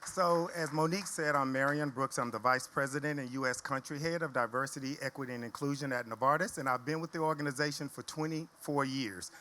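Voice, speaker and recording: A man moderating a live panel on stage, lively and joking with the audience. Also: a little high, a little hiss or hum. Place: event stage.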